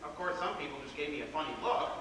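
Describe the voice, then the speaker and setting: A man's voice: fairly high pitch, fast talker, lightly acted. An actor playing a whimsical, rebellious grown man, telling stories with theatrical, playful flourishes in a live stage play. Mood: delighted. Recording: echoey theater hall from far off, faint noise.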